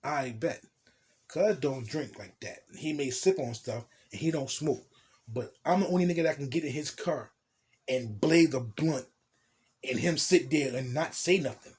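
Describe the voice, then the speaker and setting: A young man from New Jersey casually telling a profane, animated storytime tale in street slang, acting out what people said. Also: medium pitch, a little slow, slightly rough.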